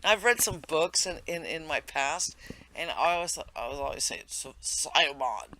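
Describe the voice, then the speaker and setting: A man's voice: on the high side, animated, moderate pace, sharp tone, a little hiss or hum. A man giving casual, rambling commentary over his gameplay, full of fillers and self-corrections as he explains the game. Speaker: game tutorial narrator.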